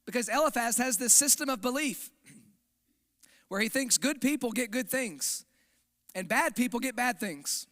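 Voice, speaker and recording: A man's voice: very high-pitched, animated, unhurried, long pauses, bright, forceful tone. A man preaching a sermon in a conversational, emphatic way, often checking the audience is following. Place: church sanctuary. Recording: long hall reverb.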